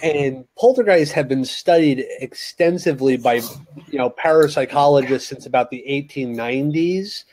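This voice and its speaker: A man's voice: mid-range voice, normal speed, a little mellow. A man co-hosting a casual podcast, explaining things steadily with lots of "you know" fillers. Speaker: co-host.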